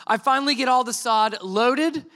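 A man in his thirties preaches through a comic family anecdote, voice pitched high and ringing bright. He acts out each line of dialogue and pokes fun at himself as the story builds toward its lesson. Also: normal speed. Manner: animated storytelling, acts out quotes, self-deprecating asides. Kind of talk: sermon illustration told as a story.

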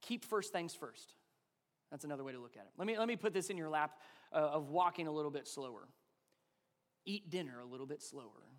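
Animated man preaching in a reverberant hall. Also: a little high. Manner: animated storytelling, dropping to soft slow emphasis. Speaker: pastor. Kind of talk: sermon.

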